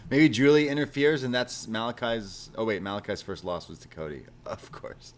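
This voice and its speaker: A man's voice: medium pitch, normal speed. A man co-hosting a podcast, chatting casually and animatedly, often laughing and retelling scenes. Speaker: podcast co-host. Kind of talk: casual chat.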